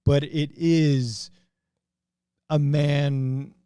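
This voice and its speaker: A man co-hosting a podcast, chatting excitedly about a movie he saw, halting with many restarts. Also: a little high, clear, resonant tone, no room sound, clean studio sound. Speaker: podcast co-host. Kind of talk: casual chat.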